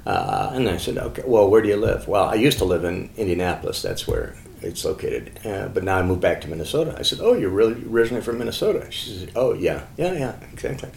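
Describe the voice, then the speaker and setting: Brief: low, gravelly male guest, rambling anecdotal storyteller, roomy echo. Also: sing-song, fast, hardly any pauses, a little mellow, a little hiss or hum. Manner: rambling, many fillers, acts out quoted dialogue. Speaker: guest, author and ministry founder. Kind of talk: casual storytelling conversation.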